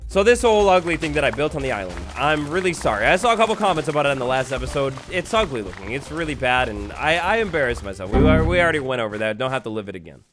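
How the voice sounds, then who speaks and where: A young man doing energetic, jokey commentary over his own game play, with bursts of mock drama. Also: fairly high pitch, fast, few pauses, faint music behind. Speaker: gaming YouTuber. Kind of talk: Minecraft let's-play commentary.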